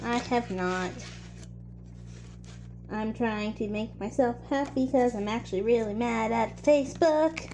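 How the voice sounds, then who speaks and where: A woman's voice: a little high, slow pace, pauses often, a little mellow, a little hiss or hum. A woman in her twenties talking casually to the camera in a vlog, chatty and exasperated, laughing between lines. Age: 20s. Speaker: vlogger.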